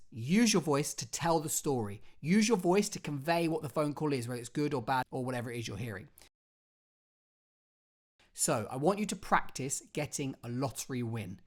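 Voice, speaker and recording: A drama teacher, giving an online acting lesson with clear step-by-step instructions and a theatrical, expressive delivery. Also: medium pitch.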